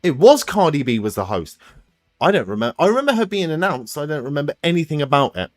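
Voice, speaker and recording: A man's voice: a little high, very animated, fast talker, no room sound, clean studio sound, soft background music. A man hosting a live watch-along stream, thinking aloud and swearing freely as he plays a guessing quiz with viewers.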